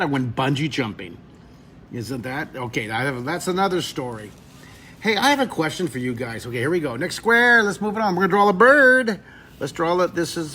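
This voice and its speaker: A middle-aged man teaching drawing who tells stories to kids with big, lively swings of voice. He jumps into high squeals and acted quotes, then drops back to an easy, chatty tone, over a faint hiss. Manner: lively, expressive, jumps to shrieks for effect. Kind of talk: animated storytelling to kids.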